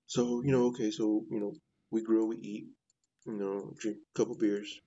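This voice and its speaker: A man's voice: on the low side, level tone, normal speed, mellow, highs cut off. A man telling a personal ghost story in casual, rambling fashion, often repeating "I was like". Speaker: guest sharing a paranormal story.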